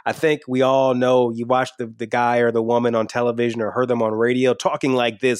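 A man's voice: mid-range voice, level tone, a little fast, clean tone, no echo. Earnest man, dry close sound. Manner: earnest, enthusiastic, repeats words when emphatic. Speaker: podcast guest. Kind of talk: casual interview talk.

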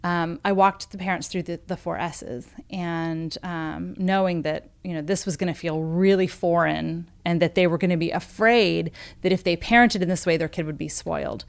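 A woman working as a parenting coach talks through a case in an interview setting. She is animated and acts out each exchange with the parents as she tells it. Her speech is loose and conversational, full of "um" and "like.". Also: lowish voice, normal speed, vocal fry, few pauses. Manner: animated storyteller who acts out quoted dialogue, with frequent "um" and "like". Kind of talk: podcast interview storytelling.

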